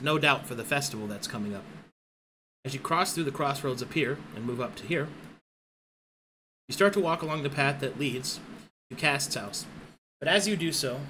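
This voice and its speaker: A man's voice: mid-range voice, sharp tone, a little hiss or hum. A man narrating a tabletop game as game master, with playful, goofy asides.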